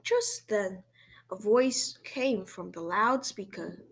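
A woman reading a children's picture book aloud in a gentle, expressive way. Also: mid-range voice, takes it slowly, vocal fry, slightly rough.

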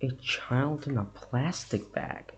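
A man's voice: medium pitch, slow pace. A young man giving a let's-play commentary on a horror game, muttering to himself and reacting nervously to scares. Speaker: gamer.

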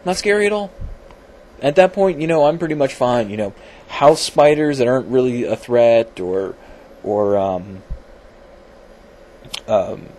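A man's voice: mid-range voice, a little slow, dark tone, a little hiss or hum. A man talking casually in a science vlog from his home computer, rambling and self-deprecating, with many fillers and restarts. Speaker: video blogger.

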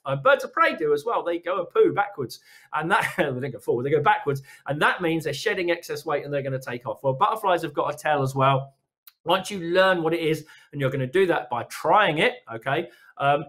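A man in middle age talks through his wildlife photographs with bouncy enthusiasm, a touch high in pitch. He jokes, trips over words and restarts often, like a relaxed stage presenter. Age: middle-aged. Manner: energetic, jokey, lots of restarts. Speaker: wildlife photographer giving a talk.

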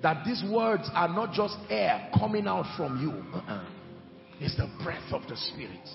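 A man preaching a sermon with emphatic delivery, moving between shouted lines and hushed ones. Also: sits high, big pitch swings, moderate pace, creaky, dull audio. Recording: echoey hall with music behind.

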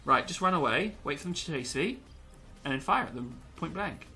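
A man's voice: on the high side, animated, brisk, bright, forceful tone. A young man commentating gameplay with a lot of energy, yelping, laughing and slipping into pirate growls.

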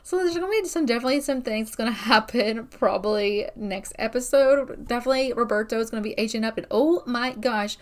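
A young woman hosting a gaming video, chatting excitedly through her gameplay with frequent exclamations. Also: on the high side, brisk, hardly any pauses. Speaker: gaming channel host. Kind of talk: casual game commentary.

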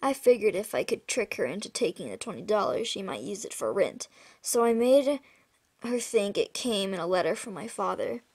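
Brief: husky boy, sincere and hesitant, soft delivery, read by a woman. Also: medium pitch, expressive. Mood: earnest. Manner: quiet, halting and earnest.

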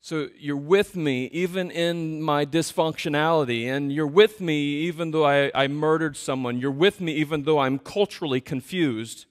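Male pastor, sermon, conversational, animated, fairly high voice, long church reverb. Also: normal speed. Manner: conversational, self-deprecating, animated storytelling. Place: church sanctuary.

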